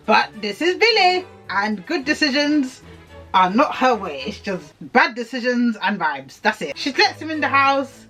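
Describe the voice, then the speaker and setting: A woman's voice: a little high, unhurried, soft background music. Sweary woman ranting a TV recap. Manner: animated, sweary, laughing, slips into character voices. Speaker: YouTube reviewer.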